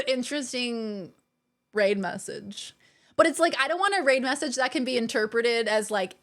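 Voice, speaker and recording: A woman live-streamer talks casually to her viewers, her voice sitting a little high. She thanks them over and over and fills her talk with fillers and repeated words. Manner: warm, thankful and chatty, with many fillers and repeats.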